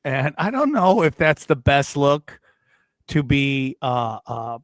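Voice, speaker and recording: Animated male podcast co-host telling a story. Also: mid-range voice, slow pace, dry recording, studio quality. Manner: animated, puts on voices for people in his stories. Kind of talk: casual comedic storytelling.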